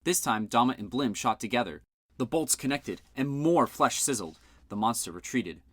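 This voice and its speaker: A man reading a fan-made audiobook, narrating expressively and switching into character voices. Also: moderate pace. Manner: expressive, voices the characters with shouts and big pitch jumps.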